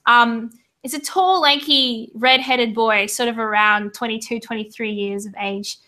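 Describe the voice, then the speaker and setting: A woman's voice: on the high side, measured pace, pushed and bright. A woman narrating a tabletop game as game master, hesitant with many fillers.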